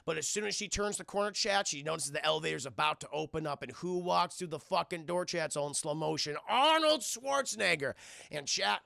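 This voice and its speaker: A man's voice: a little high, fast, vocal fry, few pauses, bright, forceful tone, dry recording, clean studio sound. A man casually retelling a film scene by scene on a live stream, rambling, swearing often and talking to his chat.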